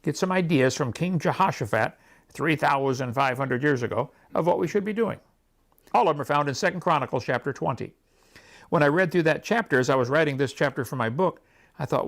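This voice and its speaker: A man preaching a sermon, telling stories and acting out prayers in an animated way. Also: fairly high pitch, a little fast, creaky. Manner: animated storytelling, acts out prayers and quotes.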